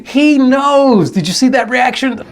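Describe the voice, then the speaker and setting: A man's voice: extremely high pitch, animated, measured pace, a little hiss or hum. A man working as a dialect coach, explaining things and mimicking accents to make his points. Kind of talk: video analysis commentary.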